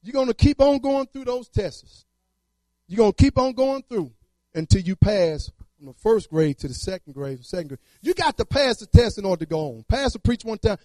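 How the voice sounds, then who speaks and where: A man's voice: high-pitched, darkish tone, dry recording. A man telling his testimony in church, storytelling with fervor and colloquial speech. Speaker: testimony speaker.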